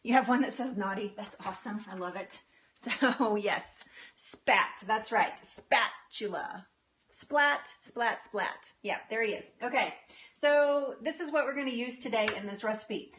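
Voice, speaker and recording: A woman's voice: fairly high pitch, moderate pace, a bit bright. Woman, live baking demo host, bubbly, chatty, laughs a lot, greets viewers, flustered restarts, small home kitchen. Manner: flustered, with frequent restarts and self-corrections. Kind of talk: casual live cooking demonstration.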